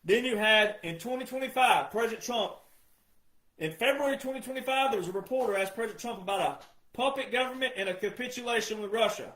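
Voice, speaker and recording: High-pitched guy ranting politics, keeps repeating himself, gets shouty, roomy echo. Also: fast. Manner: emphatic, repetitive, rising to shouts. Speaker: political commentator. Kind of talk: impassioned monologue.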